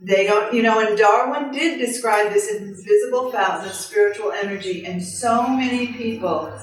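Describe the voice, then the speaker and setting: A woman's voice: mid-range voice, moderate pace. Echoey far-off woman telling stories. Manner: lively storyteller who acts out other people's lines with laughs. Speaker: former temporary caretaker. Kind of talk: anecdotal storytelling to a small group. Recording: very echoey room, mic far off.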